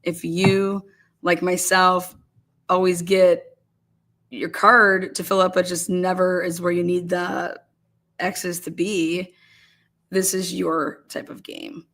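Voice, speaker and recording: A woman's voice: lowish voice, level tone, slow, a bit bright. A woman hosting a casual livestream, calling bingo games and reading viewer comments aloud with frequent laughter. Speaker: livestream host.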